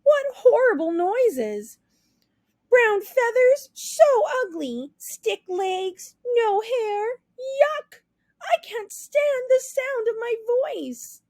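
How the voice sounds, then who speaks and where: A woman voicing an insecure young female turkey who pleads and complains in a high squeaky voice. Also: very animated, extremely slow, a little mellow, no echo, studio quality, full character voice. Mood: disgusted.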